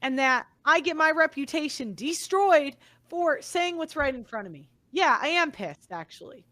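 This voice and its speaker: A young woman rants straight to camera in a heated monologue. Her voice sits high and bright. She talks bluntly and swears freely. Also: expressive, moderate pace. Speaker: commentator. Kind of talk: angry monologue.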